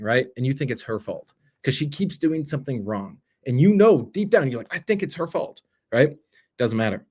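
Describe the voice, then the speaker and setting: Earnest man giving a motivational talk. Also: mid-range voice. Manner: earnest, persuasive, keeps asking "right?". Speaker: self-development coach. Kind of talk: direct-to-camera motivational talk.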